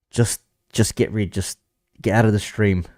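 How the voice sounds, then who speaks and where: A man's voice: fairly low pitch, darkish tone, no room sound, clean studio sound. A man talking casually on a live stream, rambling about online chat moderation and swearing freely. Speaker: commentary streamer.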